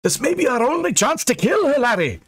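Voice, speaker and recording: Casting: man doing a jumpy young archer, high and urgent, fantasy audiobook. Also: big pitch swings, a little fast, breathy edge, dry recording, studio quality, full character voice. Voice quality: high, tense. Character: alarmed young male archer, brash.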